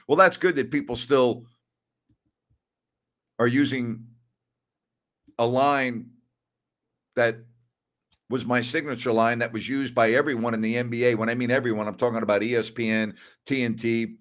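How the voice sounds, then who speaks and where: A man's voice: mid-range voice, a bit bright. An older man hosting a sports talk show, ranting with rhetorical questions and answering listener questions in a casual, emphatic way. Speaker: sports radio host.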